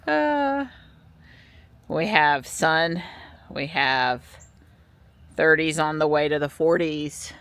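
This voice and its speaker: A woman chatting casually in a vlog outdoors in her yard, recorded on a small handheld camera and breaking into a high sing-song voice when she calls her pets. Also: animated, slow, long pauses, fairly bright tone. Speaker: vlogger.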